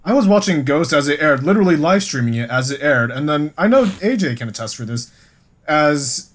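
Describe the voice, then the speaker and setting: A man co-hosting a casual podcast chat, rambling and full of filler words. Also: a little high. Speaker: podcast co-host.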